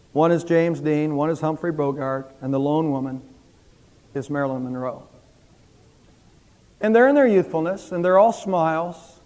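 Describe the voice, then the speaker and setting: A man's voice: a little high, a little mellow. A man preaching an Easter sermon as pastor, praying and then building to fervent emphasis in a church. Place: church sanctuary. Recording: long church hall reverb.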